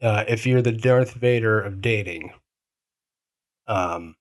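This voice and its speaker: A man's voice: fairly low pitch, slow pace. A man co-hosting a podcast in casual chat, teasing his friend and rambling, swearing freely. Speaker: podcast co-host.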